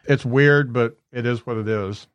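A man hosting a podcast who talks in a relaxed, easygoing way and often gives short affirmations. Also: medium pitch, unhurried, dry recording, lo-fi sound. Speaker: podcast host. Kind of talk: podcast conversation.

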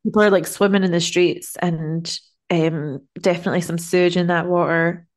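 A tired woman co-hosting a podcast, talking in a loose, giggly way and swearing now and then. Her voice sits a little low for a woman. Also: fairly even intonation, moderate pace. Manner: chatty, giggly, swears casually. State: tired from travel. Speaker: podcast co-host. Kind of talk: casual chat.

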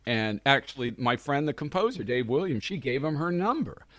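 A man's voice: medium pitch, moderate pace, no room sound. A middle-aged man, a film writer and director, telling stories in a casual interview with lots of laughter and acted-out voices. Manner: animated, acts out quoted people, laughs often. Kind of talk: casual anecdotal storytelling.

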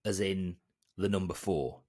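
Northern guy from bolton, accent gone soft, husky voice, rambly podcast chat. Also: deep voice, a little slow. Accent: softened Northern English, Bolton. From Bolton, England. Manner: animated, rambling, self-deprecating. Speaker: podcast co-host. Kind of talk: casual chat.

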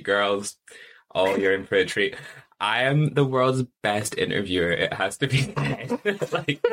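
A man's voice: fairly low pitch, a bit bright. A young man co-hosting a podcast, playful and camp, giggling as he chats. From Scotland. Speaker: podcast co-host. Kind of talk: casual chat.

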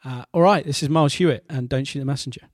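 A man's voice: mid-range voice, fast talker, no room sound, studio quality. A man hosting a music show in a casual way, with a lot of fillers, restarts and wry asides. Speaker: radio show host.

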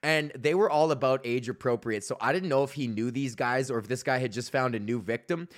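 A man's voice: mid-range voice, fairly quick. A young man hosting a podcast, ranting casually and angrily with constant swearing. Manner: profane, exasperated, heavy swearing. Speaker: podcast host.

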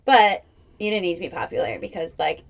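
A woman's voice: medium pitch, brisk, creaky. A young woman with a Boston accent, co-hosting a podcast in casual chat, playful and affectionate, clipping her words short. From Boston area. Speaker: podcast co-host.

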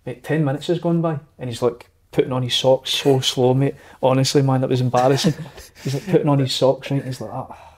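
A man telling a relaxed, chatty anecdote. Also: medium pitch, fairly quick. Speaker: guest telling a story. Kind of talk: casual anecdote.

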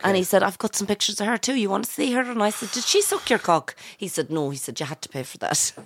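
A woman, co-hosting a podcast and telling an animated story, acting out the quotes. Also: fast talker, a little hiss or hum. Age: late 30s. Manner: animated, acts out quotes with big pitch jumps. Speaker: podcast co-host. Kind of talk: casual chat, storytelling.

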